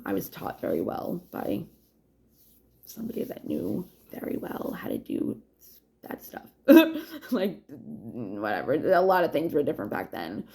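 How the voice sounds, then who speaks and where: A woman's voice: lowish voice, vocal fry, darkish tone. A woman in her thirties from New England, telling stories from her past in a frank, rambling, profane way, drifting from one story to the next. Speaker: vlogger. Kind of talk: casual storytelling monologue.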